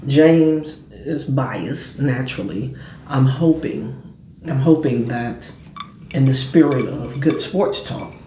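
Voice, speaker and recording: A man hosting a casual sports and cigar talk show, telling stories in quick, animated bursts. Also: mid-range voice, echoey room, slight background noise.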